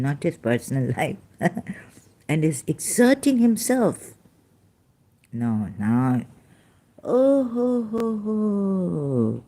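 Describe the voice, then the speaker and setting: Low, slow-talking woman, emotional and rambling. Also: warm tone. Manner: emotional, rambling, breaks off mid-thought and corrects herself. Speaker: religion commentator. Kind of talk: casual solo commentary reading scripture aloud.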